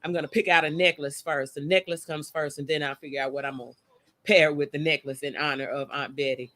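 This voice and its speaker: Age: adult. Sex: woman. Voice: bright, forceful. Style: chatty livestream host. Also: low-pitched, fairly even intonation, fast talker. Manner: chatty, greets viewers by name; emotional. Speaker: host of a live chat show. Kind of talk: casual livestream chat. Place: outdoors by a motion-sensor light.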